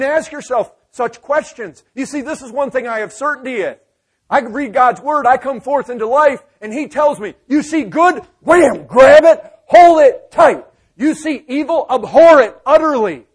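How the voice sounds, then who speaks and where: A male preacher delivering a sermon in a fairly high, husky voice. He presses his points hard, repeating phrases and throwing questions at his congregation. His volume swings from near-quiet asides to forceful shouted emphasis. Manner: emphatic preaching with rhetorical questions and sudden loud bursts. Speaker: pastor.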